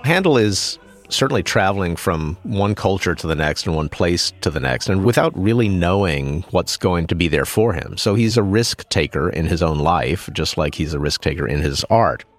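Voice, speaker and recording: A man's voice: low voice, lively intonation, moderate pace. A man giving thoughtful, lecture-like commentary on music history, sometimes reciting lines to show their stress. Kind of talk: explanatory commentary.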